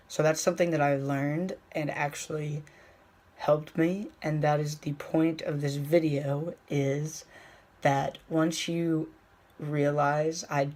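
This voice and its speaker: Young man vlogging in a flat voice. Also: on the high side. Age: young adult. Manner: rambling, with many fillers, slowing down to stress points. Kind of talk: casual motivational vlog talk.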